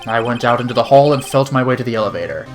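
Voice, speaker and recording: A man's voice: mid-range voice, animated, rapid-fire, faint music behind, close to an everyday voice. A man reading the part of a ruthless, proud older male prosecutor in a game, snarling and theatrical. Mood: brooding. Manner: snarling, vengeful, theatrical shouting. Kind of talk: reading game dialogue aloud.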